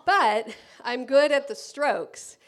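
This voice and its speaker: Slow-talking woman storyteller on stage. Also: sits high. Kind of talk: live storytelling. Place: stage before a live audience.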